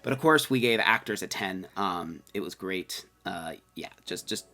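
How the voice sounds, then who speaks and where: A man chatting about a haunted house, retelling scares with animated energy and plenty of fillers. His voice sits low but swings widely in pitch, with a bright edge, and faint music plays underneath. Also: moderate pace. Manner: animated storytelling, many fillers. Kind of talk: casual review chat.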